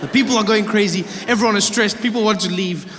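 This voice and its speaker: Animated stand-up comedian. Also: male voice, sits high, fast talker. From South Africa. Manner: animated, acts out every character. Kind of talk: stand-up storytelling. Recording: echoey theater with audience noise.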